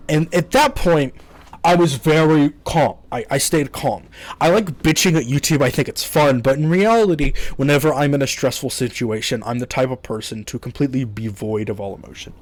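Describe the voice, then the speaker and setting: A man's voice: fairly high pitch, no echo. A man telling a story in a rambling, casual rant to his YouTube audience, exasperated and swearing often.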